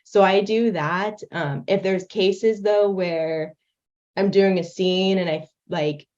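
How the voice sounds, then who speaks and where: A woman's voice: medium pitch, fairly even intonation, takes it slowly, darkish tone. A young woman in casual chat on a video call, explaining her animation workflow with lots of fillers and laughs. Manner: chatty, filler-heavy, laughs often. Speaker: guest creator demonstrating animation software. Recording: dull lo-fi call audio.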